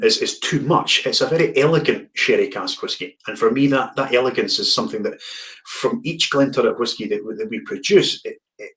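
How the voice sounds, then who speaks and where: A man with a relaxed, chatty manner, hosting an online whisky tasting and often repeating words as he searches for them. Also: mid-range voice. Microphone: video call.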